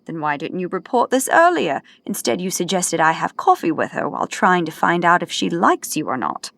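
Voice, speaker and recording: A woman's voice: on the low side, sing-song, moderate pace, gravelly, a bit bright, no room sound, heavily acted. A woman voicing a jovial, teasing older man in an audiobook, boastful and folksy, with faint music behind. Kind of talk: audiobook character voice.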